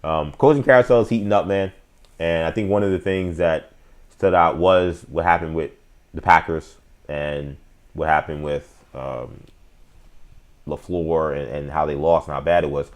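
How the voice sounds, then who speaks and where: His voice sits extremely low and moves at a moderate pace as he runs a casual sports talk live stream for his chat viewers. Expect strong opinions, plenty of slang, and lots of fillers and restarts.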